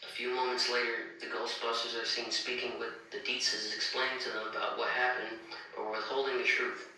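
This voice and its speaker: A man reading his own fan-fiction story aloud in a plain, steady way. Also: medium pitch, a little fast, heavy reverb, distant mic, slight background noise, rough recording.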